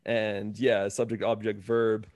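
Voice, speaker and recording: A man's voice: on the low side, flat delivery, takes it slowly, darkish tone, no echo, clean studio sound. A man hosting a casual chat, laid-back, asking questions and laughing often.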